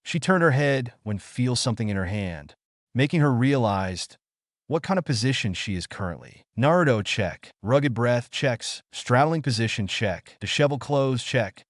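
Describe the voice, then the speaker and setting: A man's voice: mid-range voice, no room sound, clean studio sound. A man reading fan fiction aloud, with chatty asides to the listener.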